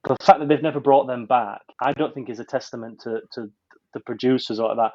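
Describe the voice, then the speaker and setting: A man's voice: medium pitch, fairly quick, a little mellow, dull audio. A man reviewing a film on a podcast in casual chat, rambling with many restarts.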